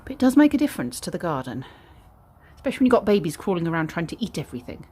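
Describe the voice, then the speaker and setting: Her voice runs on the low side, very fast and a little mellow with a breathy edge, swinging widely in pitch. She's a vlogging mother in the back garden outdoors, chatting casually and cooing sing-song baby talk to the little ones, recorded as a noisy home video.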